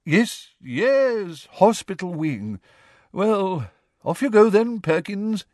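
A man voicing a vague, absent-minded old male teacher in a storybook reading, speaking slowly and drawn out. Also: sits high, sing-song, darkish tone, no echo, studio quality, voice pushed up, full character voice. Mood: hazy.

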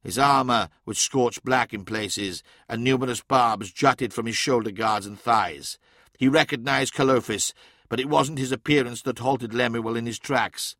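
A man reading an audiobook in a measured scripted narration, shifting his voice for characters. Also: mid-range voice, sharp tone, dry recording, clean studio sound.

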